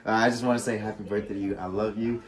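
A man's voice: fairly low pitch, fairly even intonation, fast talker. A man giving casual, rambling birthday wishes with fillers.

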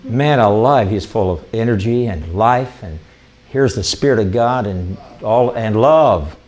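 An older man, an evangelist, talking through an informal, rambling sermon with excitable enthusiasm. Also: fairly low pitch, a little slow. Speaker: evangelist hosting a ministry show. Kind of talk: informal sermon talk to camera.

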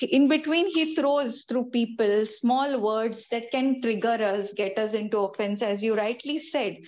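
A woman teacher with a fairly high voice leads a prayer group, affirming the speakers and building her points with repetition. Her voice comes through dull, lo-fi call audio. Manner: affirming, preaching cadence with repetition. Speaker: Bible teacher leading the group.

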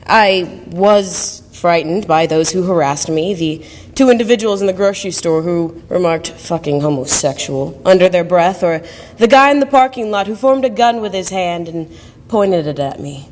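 A woman's voice: fairly low pitch, expressive, normal speed, a little mellow. A woman telling a personal story as a monologue on stage, reflective in manner. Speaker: monologue performer. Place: university event hall. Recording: long hall reverb.

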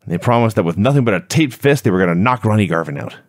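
A man's voice: lowish voice, animated, racing, dry recording. A man co-hosting a wrestling review podcast, recapping events in a dry, sarcastic way. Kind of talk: casual chat, recapping.

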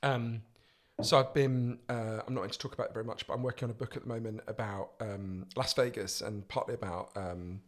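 A man with a posh English accent, a guest author telling animated, profane stories in casual podcast chat. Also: fairly low pitch, a little fast, hardly any pauses. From England. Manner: animated, swearing storyteller.

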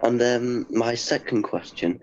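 A man from England with an English accent, calling in with halting questions. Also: medium pitch, darkish tone. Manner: hesitant, halting. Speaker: caller. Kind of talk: casual chat. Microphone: video call. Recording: dull lo-fi call audio.

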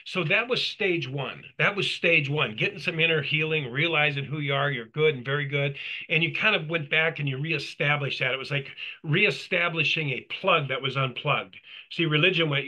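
A man's voice: a little high, normal speed, bright, forceful tone, lo-fi sound. A middle-aged man co-hosting a casual talk, telling his story with animation and acting out the quotes. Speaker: co-host. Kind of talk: casual testimony chat.

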